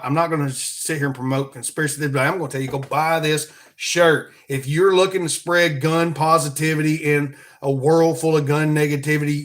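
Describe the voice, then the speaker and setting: Jokey and folksy, a podcast host with an Alabama accent wanders through a monologue and plugs merch along the way. He's from Alabama, USA, and his voice runs on the high side and a bit bright.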